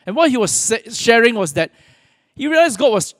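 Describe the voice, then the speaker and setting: Male preacher, high register, earnest and measured, long hall reverb. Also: big pitch swings, clean studio sound. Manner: earnest preaching with pauses, quoting scripture. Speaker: pastor. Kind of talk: sermon.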